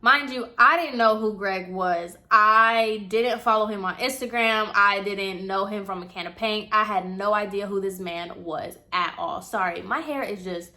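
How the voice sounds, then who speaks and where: Young woman vlogger, bright tone, chatty storytime delivery, full of fillers. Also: medium pitch, moderate pace, few pauses. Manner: chatty, filler-heavy retelling. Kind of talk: casual storytime.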